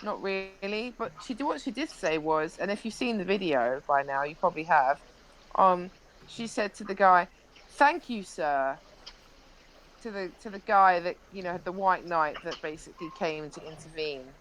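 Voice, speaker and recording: A woman's voice: lowish voice, moderate pace, a bit bright, slight background noise, poor audio. A young woman, a live-stream interview guest, animatedly recounting an incident with frequent restarts.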